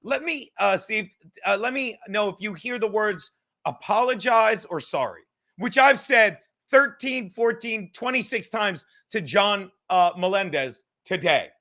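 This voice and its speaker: High-voiced guy in his 30s ranting on his podcast from the couch, swearing a lot, all over the place, sharp bright tone. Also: lively intonation, unhurried. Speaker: podcast host. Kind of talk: profane livestream rant. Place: home, sitting on his couch.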